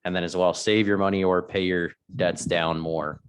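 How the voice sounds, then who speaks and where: A man's voice: sits low, flat delivery, moderate pace, smooth, no echo. A man in a team meeting giving a plain, matter-of-fact tip. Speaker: team member. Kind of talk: casual group discussion.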